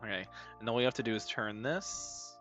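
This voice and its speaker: A man's voice: lowish voice, a little fast, fairly bright tone, faint music behind. A man streaming a game, rambling and joking in casual slang as he plays. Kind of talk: casual gameplay commentary.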